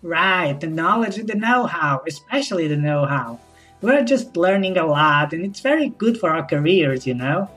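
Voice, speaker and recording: A woman's voice: on the low side, very animated, normal speed, fairly bright tone, faint music behind, rough recording. A woman acting in a comedy sketch as an eager hostess who speaks about home life in earnest corporate buzzwords. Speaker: sketch actor playing a corporate-speak wife.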